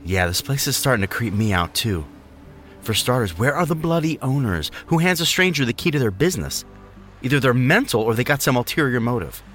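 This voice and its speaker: A man's voice: mid-range voice, expressive, a little fast, fairly bright tone, faint music behind, natural voice. A man voicing a worried young film crew member who talks bluntly and casually in an audio horror story. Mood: uneasy. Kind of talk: audio drama narration.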